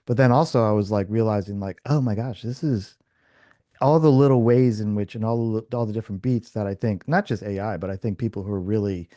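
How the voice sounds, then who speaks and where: Low, mellow man telling a rambling story. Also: brisk, dry recording. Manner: rambling, full of restarts and fillers; animated, acts out quoted dialogue. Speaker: podcast host. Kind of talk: casual storytelling chat.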